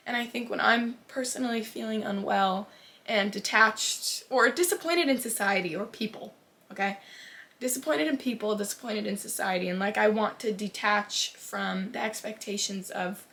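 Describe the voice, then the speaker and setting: Young woman, book vlogger, casual chat, emotional, gushing, bright tone. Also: mid-range voice. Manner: gushing, emotional, swears casually, trails off and restarts.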